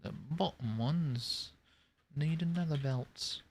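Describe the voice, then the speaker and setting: A man's voice: a little high, slow pace, husky. A man chatting casually to himself while playing a building game, rambling and talking through each step as he works. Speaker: gaming video creator. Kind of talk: casual gameplay commentary.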